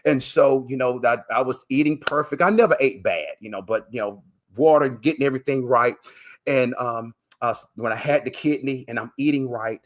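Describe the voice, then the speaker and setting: A man's voice: mid-range voice, fairly quick. A man being interviewed on a live video broadcast, talking emotionally and in a preacher-like way, with many fillers and repeated words. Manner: emphatic and preacher-like, calling the listener "man". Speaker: guest, transplant recipient and coach. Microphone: live video call broadcast.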